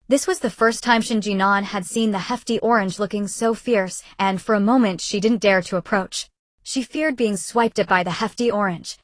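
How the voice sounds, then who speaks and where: A woman narrating a novel in an audiobook, in an even, steady storytelling manner. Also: mid-range voice, moderate pace, no echo.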